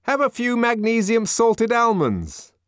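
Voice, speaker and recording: Guy putting on a jittery people-pleasing tourist, high pitched, talking slow, storybook. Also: big pitch swings, smooth, no room sound, clean studio sound, heavily acted. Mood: nervous. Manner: ingratiating, nervous. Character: nervous placating male sightseer.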